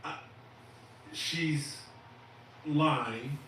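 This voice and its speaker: A middle-aged man as a guest in a commentary chat, speaking bluntly and with measured dismissiveness. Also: a little high, fairly bright tone, heavy reverb, distant mic, slight background noise, rough recording.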